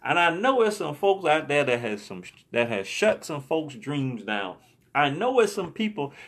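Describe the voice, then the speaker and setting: A man's voice: a little high, sing-song, moderate pace, fairly bright tone. A man preacher telling a story in a sermon, emphatic and often repeating his words.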